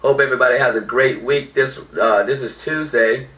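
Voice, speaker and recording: A man's voice: medium pitch, steady tone, brisk, bright, forceful tone, distant mic. A man giving an informal motivational talk, emphatic and repeating his key points. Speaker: motivational speaker. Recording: echoey room, voice off-mic.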